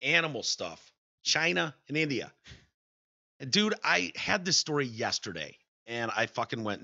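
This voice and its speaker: Podcast guy ranting a story, bright tense voice, swears a lot, kinda dull lo-fi sound. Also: medium pitch, a little slow, creaky, dry recording. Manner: profane, animated storytelling. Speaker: podcast host. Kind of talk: casual podcast banter.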